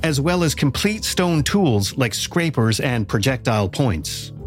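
A man giving measured, scripted documentary narration. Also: mid-range voice, very animated, soft background music. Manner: measured, explanatory.

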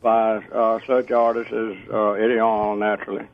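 A man's voice: on the low side, flat delivery, moderate pace. A man from Georgia calling in to a radio show, easygoing and chuckling. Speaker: caller. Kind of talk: phone call-in chat. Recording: muffled phone line.

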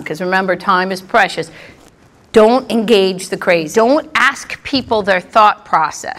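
A middle-aged woman performing a stand-up comedy set, telling brash stories with punchy asides on a live stage. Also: on the high side. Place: comedy stage before a crowd. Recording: live club with loud audience. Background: audience laughter and crowd noise.

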